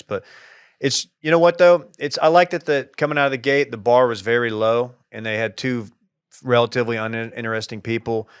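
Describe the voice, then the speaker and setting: A man co-hosting a casual sports podcast, animated and joking, laughing often. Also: medium pitch, smooth, dry recording, clean studio sound. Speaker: podcast co-host leading the segment.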